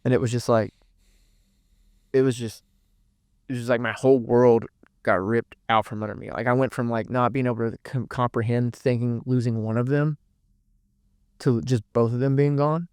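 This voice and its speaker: Flat-voiced young man, very smooth. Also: mid-range voice, moderate pace, long pauses, no room sound, studio quality. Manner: rambling, emotional, frequent restarts and swearing. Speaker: podcast guest. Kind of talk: candid personal storytelling.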